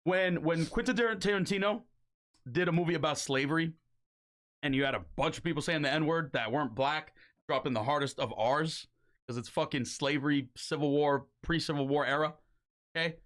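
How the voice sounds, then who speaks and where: A young man co-hosting a casual podcast, talking in an animated, swearing way and slipping into mock voices. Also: a little high, moderate pace. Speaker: podcast co-host.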